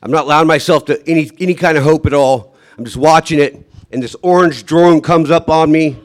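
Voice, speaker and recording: In a voice that runs a little high, a man tells an emotional story of his own survival. His telling is halting, with frequent trailing off and fresh starts, and he reproduces the shouts he gave.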